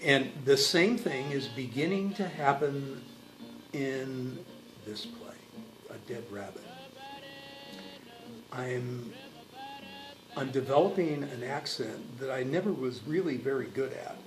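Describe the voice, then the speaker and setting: A man's voice: medium pitch, expressive, unhurried, long pauses, roomy sound, music in the background, rough recording. A man, a stage actor, speaking thoughtfully about his role in an interview, with frequent hesitations. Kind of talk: promotional interview.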